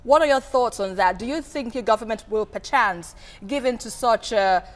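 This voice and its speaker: A woman's voice: fairly high pitch, moderate pace. A woman interviewing a governor on a TV news program, pressing him firmly with pointed questions.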